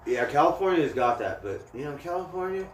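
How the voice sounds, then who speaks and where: A man's voice: on the high side, very animated, a little fast, recorded from a distance. A man telling a profane road story in casual chat. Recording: echoey room, voice from off mic, faint noise.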